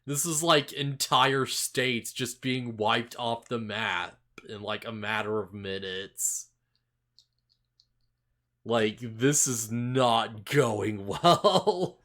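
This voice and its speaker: Slow-talking laid-back man recapping anime. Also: medium pitch. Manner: laughs often, filler-heavy, animated retelling. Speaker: podcast co-host. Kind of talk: casual anime recap chat.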